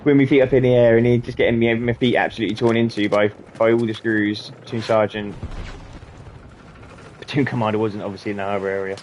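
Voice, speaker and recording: A man's voice: fairly low pitch, fairly even intonation, quick pace, a little mellow, slight background noise. A man telling army stories in a rambling, sweary way, often chuckling. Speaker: podcast host and army veteran. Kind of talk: casual storytelling.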